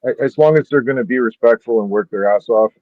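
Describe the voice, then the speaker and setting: A man's voice: mid-range voice, fast, no room sound, phone-quality sound. A man on a casual panel discussion, talking loosely and profanely in a rambling way full of "like", heard over call audio. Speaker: panel guest.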